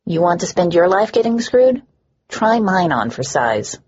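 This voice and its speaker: A woman's voice: fairly low pitch, big pitch swings, a little slow, a little mellow, breathy edge, exaggerated voice. A woman voicing a bitter, sarcastic changeling woman who speaks curtly. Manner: sarcastic, curt. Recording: dull lo-fi recording.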